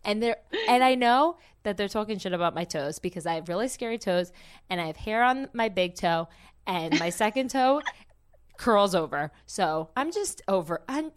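A woman's voice: mid-range voice, expressive, normal speed. A woman hosting a podcast in casual chat, blunt and rambling, swearing freely and laughing often. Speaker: podcast host.

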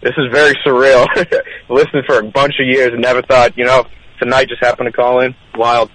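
A relaxed man calling in to a talk show, easing through his sentences with plenty of "um" and "you know." His voice sits at an ordinary middle pitch and sounds dry and close, with no room around it. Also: fairly quick, dry recording, rough recording. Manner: laid-back, hesitant with fillers. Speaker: caller. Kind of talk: casual phone-in chat.

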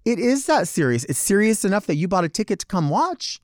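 A man's voice: high voice, sing-song, fairly quick, dry recording, studio quality. A man, a drag performer, giving a blunt and profane monologue, acting out other people's lines as he goes. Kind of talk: candid monologue.

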